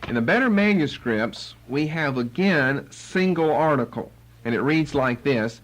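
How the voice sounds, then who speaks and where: A man's voice: mid-range voice, measured pace, low-quality recording. A man teaching the Bible verse by verse, acting out the quotes with sarcasm. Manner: animated, acts out quotes with sarcasm.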